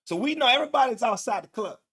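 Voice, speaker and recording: High, excitable man commentating. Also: fast. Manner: loud, excitable, slangy. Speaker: co-host. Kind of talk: casual commentary.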